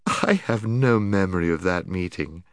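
A man voicing a sweet-voiced enchantress queen, speaking softly in a quiet, soothing, half-mocking tone. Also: low voice, normal speed, no echo, studio quality. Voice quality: soft, quiet and coaxing.

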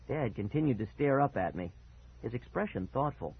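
A man reading a first-person story aloud with expressive, dramatic delivery and a husky voice. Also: mid-range voice, normal speed. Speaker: audiobook narrator. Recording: tinny phone-like sound.

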